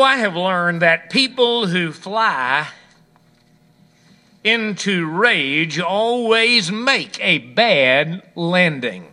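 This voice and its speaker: Male preacher, high voice, takes his time, tells stories and jokes then drives the point home. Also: bright, forceful tone. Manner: storytelling with jokes, emphatic. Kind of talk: sermon.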